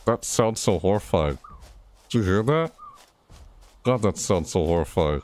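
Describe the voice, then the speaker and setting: A man with a fairly low voice talks viewers through a horror game. His delivery is bouncy and animated, swinging up sharply whenever something startles him, and he reads the on-screen prompts aloud as he goes. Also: a little slow, pauses often. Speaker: gameplay streamer. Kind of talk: casual horror game commentary.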